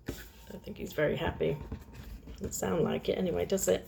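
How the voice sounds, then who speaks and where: A young woman host reading a children's storybook aloud with gentle, chatty asides to the kids. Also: fairly low pitch, steady tone, moderate pace, gravelly, slight background noise.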